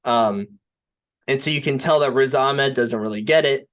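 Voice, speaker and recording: A man's voice: medium pitch, normal speed. A young man co-hosting a podcast, talking casually and rambling with lots of fillers. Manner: rambling, filler-heavy, says "like" and "right?" often. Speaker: podcast co-host. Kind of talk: casual film discussion.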